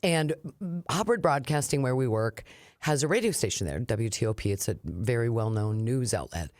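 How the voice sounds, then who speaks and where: A woman from Minnesota, co-hosting a radio talk show and telling stories in an animated, laughing way. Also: very deep voice, no echo, clean studio sound. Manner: animated storyteller, quick laughs. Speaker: radio co-host. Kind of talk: casual radio chat.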